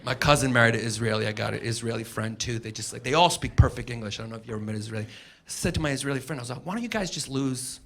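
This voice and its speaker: A middle-aged man from the United States doing a live stand-up set, ranting brashly and profanely with loud mocking impressions, on a comedy stage with a handheld mic. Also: mid-range voice, steady tone, rapid-fire, vocal fry. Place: comedy stage before a laughing audience. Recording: noisy live club recording.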